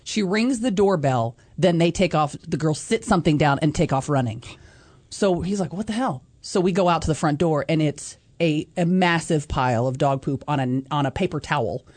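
A woman's voice: low voice, moderate pace. A woman chatting casually, telling a story and acting out the people in it. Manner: animated, acts out quoted people.

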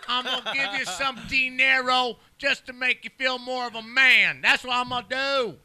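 A man's voice: very high voice, steady tone, normal speed, sharp tone, clean tone, voice pushed up, heavily acted. A man putting on a crude, boastful voice that drifts between accents.

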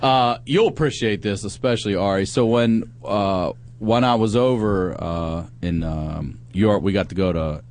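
A man's voice: fairly low pitch, a little mellow. A man on a podcast bantering casually and cracking crude jokes as he tells a story. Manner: quick wisecracks, crude jokes.

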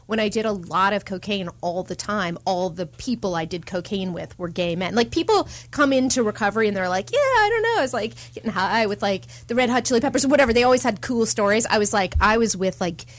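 A woman's voice: mid-range voice, fairly quick, hardly any pauses. A woman guest telling frank, candid stories in casual chat.

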